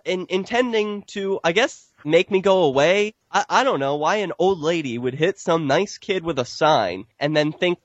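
A man, an activist filmmaker, telling stories in a casual podcast interview, getting animated and jumping up in pitch when he quotes people. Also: dry recording, highs cut off. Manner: animated storytelling, pitch jumps when quoting others.

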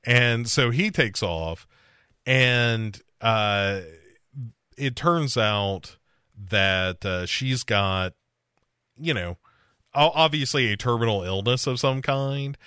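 Bright-voiced man in casual chat. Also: medium pitch, animated, slow pace, clear, resonant tone, dry recording, studio quality. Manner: loose and profane, with frequent fillers. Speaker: podcast host recapping a TV series.

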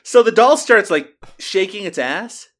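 A man on a podcast recounts a film scene by scene, cursing freely. His voice sits a bit high and swings widely in pitch. The delivery stays loose and conversational. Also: animated, a little slow. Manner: profane, storytelling recap. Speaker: podcast host. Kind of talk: casual film review chat.

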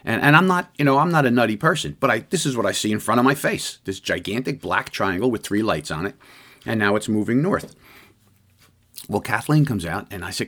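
A middle-aged man with a voice of average pitch tells a story he lived through. He talks in halting bursts, repeating words, and lifts his voice when he quotes what he and others said. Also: expressive, fairly bright tone. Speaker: eyewitness. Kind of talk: personal storytelling.

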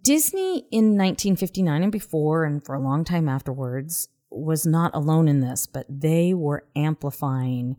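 A woman's voice: deep voice, expressive, normal speed, hardly any pauses, mellow. A woman with a Southern accent co-hosting a podcast, talking casually and earnestly, sometimes dropping to a whisper. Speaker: podcast co-host. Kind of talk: casual chat.

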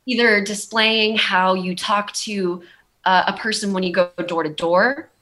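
A woman's voice: medium pitch, fairly even intonation, measured pace, bright, forceful tone. A young woman with a Valley girl accent, telling her story in a rambling, candid way, full of "like" and "um". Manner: rambling, heavy use of "like" and "um". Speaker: guest.

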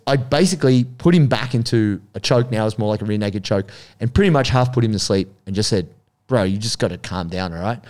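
Aussie guy chatting, tells stories lively, does little voices for people. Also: medium pitch. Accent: Australian. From Australia. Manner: animated, acts out voices in anecdotes. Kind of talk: casual storytelling chat.

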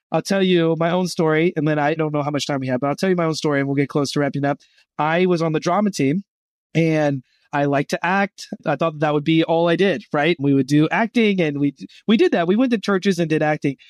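On the high side for a man, this middle-aged guest on a podcast interview speaks for a Christian gap year college. The recording is dry and studio quality, and he tells lively stories, performing the voices of the people in them.

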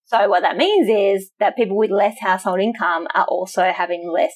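A woman in a podcast calmly walks through survey results. She speaks in a measured, careful way and laughs lightly now and then. Her pitch is mid-range for a woman. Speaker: podcast co-host with a research doctorate. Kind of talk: casual podcast chat explaining survey data.

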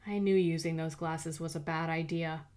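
A woman's voice: low voice, fairly even intonation, moderate pace, darkish tone, smooth, close to an everyday voice. A woman voicing a defiant, determined young heroine who speaks firmly.

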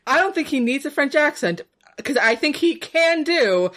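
A woman's voice: high voice, animated, normal speed, fairly bright tone. A woman co-hosting a podcast in casual chat, wry and joking. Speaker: podcast co-host.

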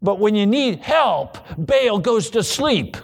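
Slow, high-voiced preacher man. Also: big pitch swings. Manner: dramatic, acts out pleading prayers and quoted voices; drops low and slow for repeated refrains. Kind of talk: sermon.

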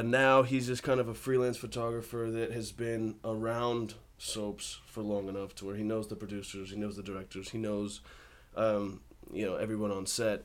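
A man, an actor guest in a casual interview, telling easygoing stories and laughing often. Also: lowish voice. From born in Australia, raised in Colorado and Texas.

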